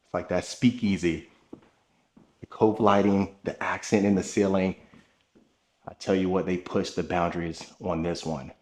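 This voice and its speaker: A man's voice: deep voice, fairly even intonation, normal speed, long pauses, a little mellow. A man giving an enthusiastic walkthrough tour of a house, talking straight to his viewers while walking the rooms with a handheld camera. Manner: enthusiastic, addresses viewers directly. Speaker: home tour vlogger. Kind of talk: walkthrough home tour narration. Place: inside a large furnished house.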